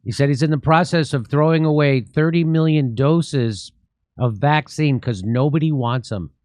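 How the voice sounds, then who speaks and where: A man's voice: a little high, moderate pace, darkish tone, no echo. A man hosting a show, giving sarcastic commentary with mocking asides. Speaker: show host.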